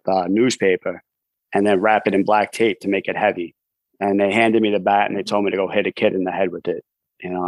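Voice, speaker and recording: A low-pitched man with a New York accent tells his story in a flat, even tone. He rambles casually and leans on "you know" fillers. The sound is dry and close, with no room echo. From Brooklyn, New York. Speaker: podcast guest, author in recovery.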